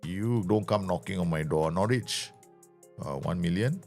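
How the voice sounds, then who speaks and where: A man's voice: low voice, measured pace, gravelly, darkish tone, faint music behind. A man giving chatty, jokey live commentary as he streams a game.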